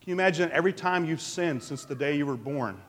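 A man pastor delivering an animated sermon, asking the congregation questions. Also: fairly high pitch, quick pace. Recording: long reverb of a large hall.

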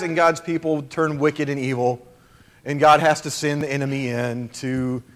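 Guy preaching casual-style, bit higher voice, keeps going "right?", throws in jokes. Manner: chatty, checks in with "right?" and "okay?"; jokey asides. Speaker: pastor. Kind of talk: conversational sermon.

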